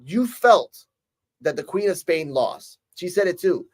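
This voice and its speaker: An animated man chatting through an episode recap, his voice sitting a little high. He acts out moments in quick voices and talks casually, with the odd swear. A relaxed review chat. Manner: casual, swears now and then. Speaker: show reviewer.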